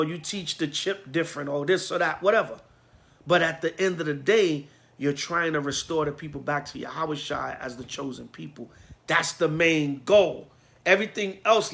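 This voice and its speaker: A man preaching in a Bible class, blunt and fiery, slipping into slang and wandering off on tangents. His voice sits high and comes out bright and forceful. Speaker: priest.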